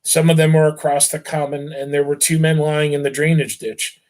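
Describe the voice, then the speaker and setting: A man's voice: fairly high pitch, fairly even intonation, moderate pace, a little mellow. A male teacher on a live stream who recaps a novel for his students with casual fillers, then reads the story aloud steadily and with feeling.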